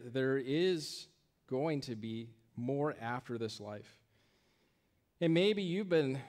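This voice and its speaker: A man's voice: medium pitch, darkish tone. A male pastor preaching a sermon in a conversational way, often restarting phrases and checking in with "right?".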